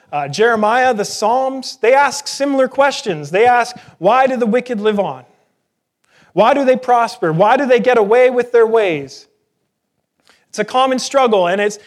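A man preaching an earnest sermon, asking rhetorical questions and joking at his own expense. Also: high voice. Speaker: pastor.

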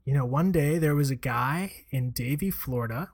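A man's voice: mid-range voice, normal speed. A man in casual podcast chat, rambling with many "like" and "you know" fillers. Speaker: co-host, former aviation salesman.

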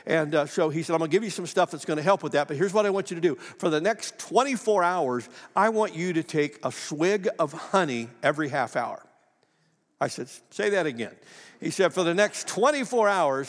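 A middle-aged man preaching from the pulpit, his voice riding high and carrying through the long reverb of a church sanctuary. He tells his story folksily, pokes fun at himself and slips into the voices of the people he quotes, still nursing a lingering cough. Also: expressive, fairly quick. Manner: folksy, self-deprecating, acts out quoted dialogue. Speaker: pastor. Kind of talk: sermon with personal storytelling.

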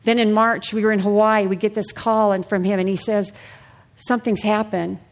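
A woman's voice: medium pitch, flat delivery, fairly quick. A middle-aged woman preaching a sermon, telling a personal testimony and putting questions to the congregation.

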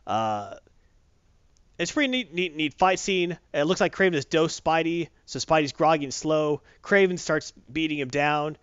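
A man casually recapping a comic book, animated and rambling, correcting himself as he goes. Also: fairly high pitch, moderate pace, clear, resonant tone, no echo, dull audio.

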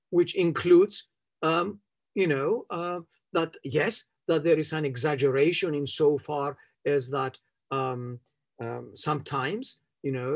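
A man answering interview questions off the cuff, hesitant and searching for words, often restarting and chuckling softly. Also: on the high side, gravelly, slightly rough. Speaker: interviewee speaking on trauma.

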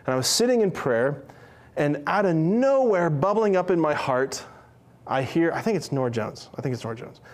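A man's voice: fairly high pitch, big pitch swings, moderate pace. A man giving a conversational sermon as a preacher, casual and chatty, often checking in with his listeners. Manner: casual, chatty, often tags lines with "right?".

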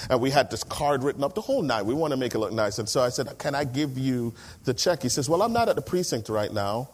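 A male pastor preaching through a personal story, lively and animated. He slips into the voices of the people he quotes, rising and falling as the tale builds. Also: medium pitch. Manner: animated storyteller, acts out dialogue. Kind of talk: storytelling sermon.

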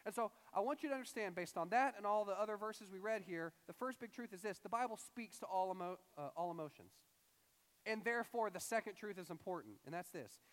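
A young man preaching a casual, conversational sermon as a pastor, animated and acting out quoted voices. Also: high-pitched, fairly quick, big-room sound.

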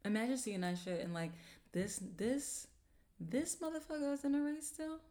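A woman hosting her own podcast, talking in a casual, slangy, animated way and swearing freely as she rants with exasperation. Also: high voice, moderate pace. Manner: slangy informal speech. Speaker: podcast host. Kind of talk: casual solo podcast rant.

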